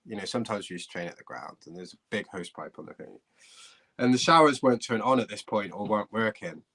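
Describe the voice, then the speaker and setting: Animated rambling storyteller man. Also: on the low side, fast talker. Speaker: former footballer guest. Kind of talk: storytelling anecdote. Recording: clip played from earlier stream.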